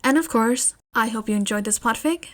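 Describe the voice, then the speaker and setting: Female podfic reader, expressive narration, lively and chatty. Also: a little high, normal speed. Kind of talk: fan fiction podfic narration.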